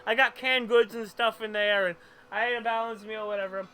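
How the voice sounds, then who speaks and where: A man streaming a game, chatting casually in an animated, rambling way, tripping over his words and laughing often. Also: high voice, brisk, a little hiss or hum. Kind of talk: casual chat.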